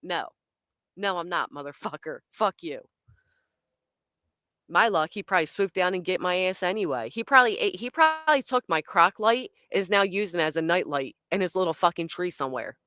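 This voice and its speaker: A woman's voice: on the low side, lively intonation, a little fast, sharp tone, dry recording, clean studio sound. A woman telling a wild personal story in a blunt, casual way, swearing constantly, acting out her own inner voice and laughing through her lines.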